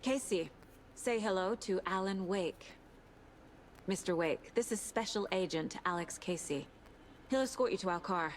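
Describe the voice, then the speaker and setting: An actress playing a calm, methodical female federal investigator who speaks steadily and with authority. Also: mid-range voice, measured pace, a little hiss or hum, close to an everyday voice. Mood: businesslike. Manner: steady, commanding. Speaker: FBI agent.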